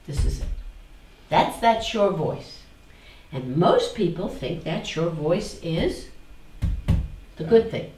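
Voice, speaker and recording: A woman spiritual teacher leading a class, animated, repeating phrases in mock voices and asking the students questions. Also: lowish voice, takes it slowly, a little hiss or hum. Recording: echoey room, mic far off.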